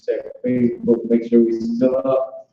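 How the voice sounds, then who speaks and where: A man teaching an informal online language class, talking loosely with many restarts and filler words like "boom". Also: monotone, measured pace. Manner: loose, conversational, repeats "boom" and restarts often. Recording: echoey, dull online call audio.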